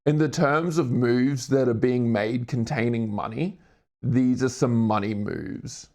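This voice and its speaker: A gravelly-voiced Australian man in his twenties chats away on a live stream as he works a jigsaw puzzle. He rambles, cracks jokes at his own expense and swears freely, and his pitch sits in an ordinary middle range. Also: a little slow, a little mellow. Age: 20s. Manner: rambling, jokey, self-mocking, swears casually.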